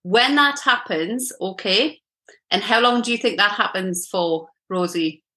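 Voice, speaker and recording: A middle-aged woman guest on a podcast talks in a bright, tense voice. She is straight-talking and explains step by step, pausing to check with "okay?". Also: medium pitch. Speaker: menopause coach, guest. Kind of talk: podcast interview.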